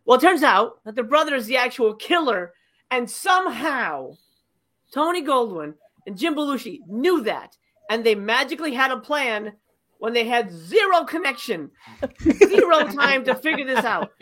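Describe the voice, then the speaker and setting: A woman's voice: sits high, very animated, normal speed, fairly bright tone. A woman co-hosting a casual podcast, ranting about a movie's ending in an exasperated, profane way and mocking scenes in put-on voices. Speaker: podcast co-host reviewing a movie.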